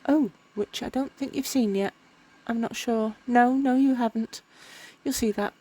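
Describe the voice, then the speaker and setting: A woman's voice: a little high, fairly even intonation, unhurried, mellow, slightly rough. A tired woman chatting casually while crafting, rambling and often tripping over her words. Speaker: miniature crafter. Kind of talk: casual crafting vlog narration.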